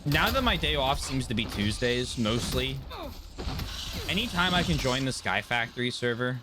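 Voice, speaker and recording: A man's voice: mid-range voice, animated, normal speed. A man chatting casually on a live game stream, joking, swearing and laughing often. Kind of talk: casual live-stream chat while gaming.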